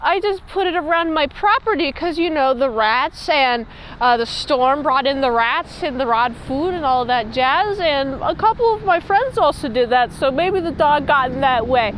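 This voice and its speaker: A woman voicing an uptight, callous woman who rattles off rushed excuses in a high, flustered voice. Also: animated, fairly bright tone, slight background noise, rough recording. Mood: defensive.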